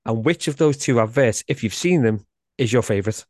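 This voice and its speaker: A man hosts a relaxed podcast conversation in a playful, chatty way, often restarting his sentences. His voice sits in a middling pitch and is recorded dry and close, with no room sound. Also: a little fast, dry recording. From Yorkshire, England. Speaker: podcast host. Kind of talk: casual chat.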